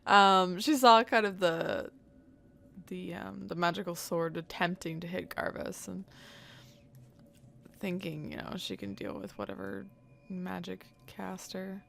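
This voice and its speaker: A woman's voice: lowish voice, animated, a little slow, vocal fry, fairly bright tone, a little hiss or hum. A woman playing a tabletop game, thinking aloud and muttering as she plans her character's turn. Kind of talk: casual play-by-play of a character's actions.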